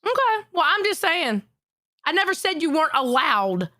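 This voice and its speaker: A woman with a high, bright, tense voice argues hard on a livestream, cutting back with sharp, profane retorts. Her pitch rises and falls a lot as she insists on being heard. The sound is close and dry. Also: sing-song, moderate pace, no echo. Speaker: co-host. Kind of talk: heated livestream argument.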